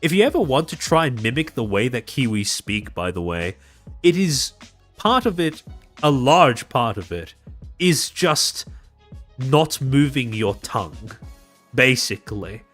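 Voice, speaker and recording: Sardonic Australian man, lively pitch. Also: a little slow, soft background music. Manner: sardonic, rambling. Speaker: streamer host. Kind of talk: casual live-stream commentary.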